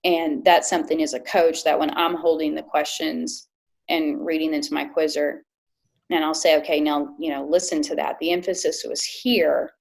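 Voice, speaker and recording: Low gravelly-voiced woman coach. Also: level tone, moderate pace, rough recording. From Illinois. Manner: explains step by step, thoughtful. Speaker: quiz coach guest. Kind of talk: casual podcast chat.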